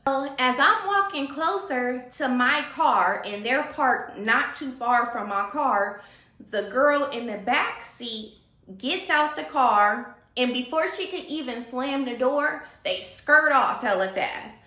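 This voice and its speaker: A woman telling a story in a casual vlog, animated and gossipy, talking straight to her viewers. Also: high voice, slow, roomy sound.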